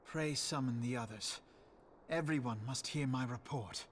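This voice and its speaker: A man's voice: mid-range voice, a little slow, slight background noise, close to an everyday voice. An actor voicing an earnest young noble statesman in a game cutscene, speaking in formal, archaic phrasing. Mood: solemn.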